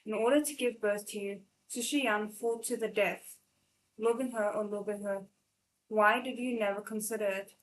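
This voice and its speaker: A woman's voice: medium pitch, fairly even intonation, moderate pace, natural voice, rough recording. A woman reading as a stern male immortal master. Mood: severe. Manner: severe, firm and emphatic. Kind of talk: live read-aloud of a novel.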